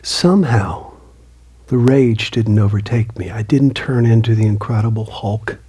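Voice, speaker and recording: Speaking at a measured pace, a man who is a motivational speaker and author shares a personal story with an audience in earnest. His voice, on the low side, is very husky and breathy with a mellow warmth, frequently sinking to a near-whisper.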